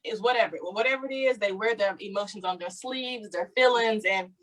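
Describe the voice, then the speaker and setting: A woman's voice: mid-range voice, brisk, low-quality recording. A woman, host of a casual conversation, talking earnestly about parenting and searching for words at times.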